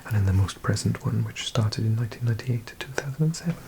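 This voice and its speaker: A man with a Welsh accent, hosting an ASMR video and reading aloud in a slow, hushed mix of whisper and soft speech. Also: lowish voice, creaky, noisy background. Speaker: ASMR host.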